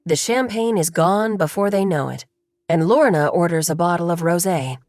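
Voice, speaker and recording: Low-voiced woman narrating an audiobook. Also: lively intonation, moderate pace, darkish tone, no room sound, studio quality. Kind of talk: scripted narration.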